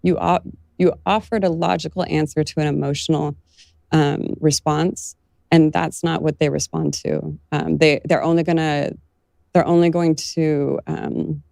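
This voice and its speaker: A woman recounting an anecdote in an interview, halting and using many fillers. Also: low voice, little pitch movement, creaky, darkish tone, no echo. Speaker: interview guest.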